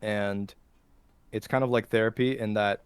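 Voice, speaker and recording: A young man, the host's brother, calmly and reassuringly giving advice in a casual chat. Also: fairly low pitch, clean tone, no room sound. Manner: calm, reassuring, measured advice.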